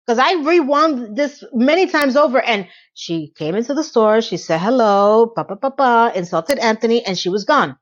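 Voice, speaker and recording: A woman's voice: on the high side, animated, normal speed, hardly any pauses, highs cut off. A woman recapping a TV episode, ranting with exasperated, incredulous rhetorical questions. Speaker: TV recap reviewer.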